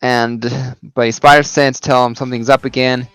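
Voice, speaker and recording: Rambling man reviewing comics, smooth dry voice. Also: mid-range voice, little pitch movement, moderate pace, fairly bright tone, dry recording, soft background music, low-quality recording. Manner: rambling recap full of "you know" and "uh". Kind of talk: casual video review.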